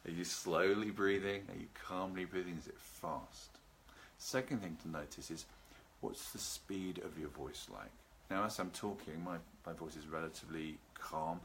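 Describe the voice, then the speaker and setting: A man hosting a live video talk on relaxation, speaking calmly and unhurriedly and greeting viewers by name. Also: deep voice, normal speed, a little hiss or hum. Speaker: seminar host. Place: at home with a garden behind.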